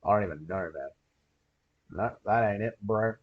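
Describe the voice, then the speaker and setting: A man's voice: fairly low pitch, normal speed. Swearing man, lo-fi stream. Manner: loose, rambling, swears a lot. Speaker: livestream host. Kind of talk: casual livestream chat reading comments. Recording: dull lo-fi stream audio.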